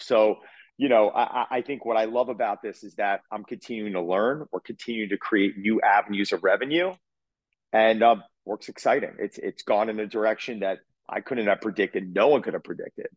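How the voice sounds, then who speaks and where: Fitness coach guy in his 40s, low voice, dry close sound, talks blunt and pumped up. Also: a little fast, dry recording, dull audio. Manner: emphatic, animated, blunt, casual swearing. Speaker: fitness coach, podcast guest. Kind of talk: casual interview talk. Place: on a video call.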